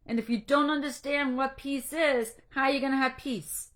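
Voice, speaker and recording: A woman anxiety coach giving an earnest, faith-based encouragement talk, emotional and halting, stumbling and restarting as she speaks. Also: sits high, steady tone, fairly bright tone. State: emotional, near tears.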